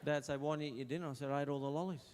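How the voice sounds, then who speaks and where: A man's voice: on the high side, fairly even intonation, racing, in a large hall, crowd noise. A man from Queensland with an Australian accent, doing a stand-up comedy routine of crude stories in which he mimics his parents.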